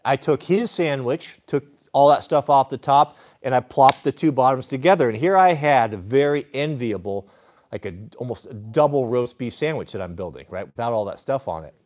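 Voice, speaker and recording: A male livestream host who talks at a medium pitch and spins a long anecdote. He rambles and restarts often, then slips into quotes to act out the people in his story. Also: lively intonation, normal speed, a little mellow.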